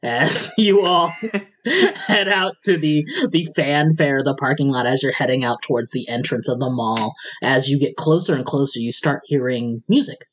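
A man's voice: mid-range voice, moderate pace, a bit bright. A man from the American Midwest narrating as game master, often laughing through his descriptions.

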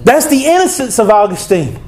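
Male preacher, high voice, conversational sermon, scripture reading. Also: very animated, moderate pace, a little mellow.

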